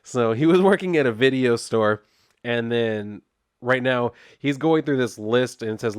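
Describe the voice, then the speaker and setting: A man's voice: mid-range voice, measured pace, clean tone, no room sound, clean studio sound. A man casually reviewing a comic book, retelling it in a loose, chatty way with lots of "like". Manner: chatty, laid-back, heavy use of "like", loose retelling.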